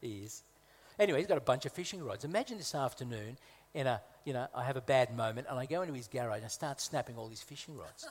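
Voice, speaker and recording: A man's voice: medium pitch, animated, fast talker, few pauses. A man from Malta preaches as a guest speaker, his sermon conversational and broken up with humorous asides. He leans on emphatic repetition to drive points home, in a mid-range voice. The sound carries a long reverb from a large church hall.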